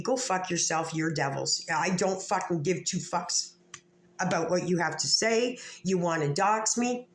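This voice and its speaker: Profane, furious woman ranting to camera. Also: fairly low pitch. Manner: profane, heated and confrontational. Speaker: vlogger. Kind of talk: angry rant to camera. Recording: echoey room with faint ambient noise.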